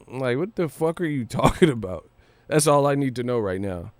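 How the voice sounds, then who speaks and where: A man's voice: medium pitch, animated, normal speed, no room sound. A young man hosting a boxing livestream, ranting casually with lots of profanity and joking. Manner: profane, joking, breaks into laughter and sing-song rhymes.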